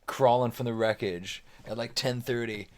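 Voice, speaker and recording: A man's voice: medium pitch, steady tone, moderate pace. A middle-aged man chatting as a podcast guest, rambling and cursing freely while telling self-deprecating stories. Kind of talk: casual chat.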